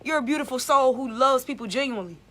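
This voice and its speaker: A woman's voice: high-pitched, quick pace, bright, forceful tone. A woman giving an emphatic, repetitive spiritual vlog monologue as a channeler.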